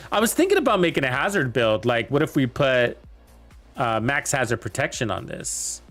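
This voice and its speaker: Playing a video game, a young streamer talks to his audience in a medium-pitched, slightly bright voice, his casual chatter meandering and packed with fillers.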